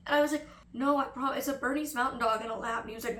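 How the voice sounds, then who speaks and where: Young woman, vlogger, casual chat, high-pitched, roomy echo. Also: fast, few pauses, a bit bright. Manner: chatty, laughing, acts out quotes. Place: home. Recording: echoey room, faint noise.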